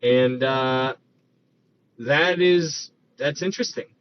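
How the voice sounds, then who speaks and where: A man's voice: medium pitch, takes it slowly. Man teaching scripture, dull lo-fi sound. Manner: conversational, thinks aloud with restarts, reads verses aloud. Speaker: Bible teacher. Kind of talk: casual Bible study teaching. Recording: dull lo-fi recording with faint noise.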